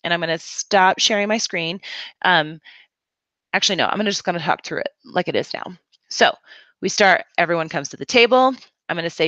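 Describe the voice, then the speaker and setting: A woman reading teacher explaining a lesson plan step by step in a relaxed, conversational way. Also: on the low side, brisk, no room sound, highs cut off. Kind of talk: instructional walkthrough.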